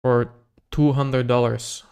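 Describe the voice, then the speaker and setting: Young guy livestreaming, slow clear voice, reading off viewer names, casual. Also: medium pitch, level tone, darkish tone. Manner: reads out viewer names one by one, chatty and hurried. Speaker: livestreamer running a giveaway. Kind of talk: casual live-stream chat.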